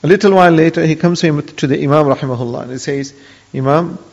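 A man's voice: fairly high pitch, racing, creaky, a little mellow. A man giving a religious lesson, telling an old story in an earnest way. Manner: earnest, story-driven, peppered with pious honorifics. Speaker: Islamic religious teacher. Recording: dull lo-fi audio with long hall reverb.

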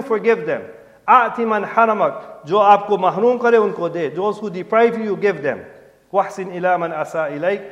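A middle-aged man gives an earnest sermon, his voice slightly high for a man and dropping low at the end of each point. He quotes Arabic and translates it line by line, checking in with the congregation again and again. A long reverb from the large prayer hall hangs behind him. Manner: code-switches, often asks "you understand?", quotes Arabic and translates it. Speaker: preacher addressing a mosque congregation. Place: mosque.

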